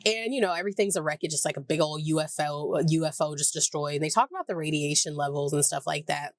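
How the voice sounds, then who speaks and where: A TV review vlogger with a Southern US accent recaps an episode, her low voice moving fast over a recording with no echo. She rambles in a chatty way, says "like" constantly, and acts out the characters' lines.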